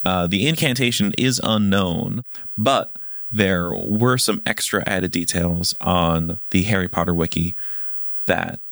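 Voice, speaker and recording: Podcast co-host: man with a deep gravelly voice, loose halting delivery. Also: fairly bright tone, no echo, clean studio sound. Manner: halting, many fillers and restarts. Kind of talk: casual book discussion podcast.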